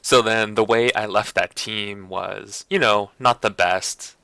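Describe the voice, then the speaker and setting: A man's voice: fairly low pitch, steady tone, slow, gravelly, pushed and bright, clean tone, no room sound. A man streaming and chatting casually, rambling along and restarting his sentences with lots of fillers. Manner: heavy use of like and you know. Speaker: gaming streamer. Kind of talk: casual chat.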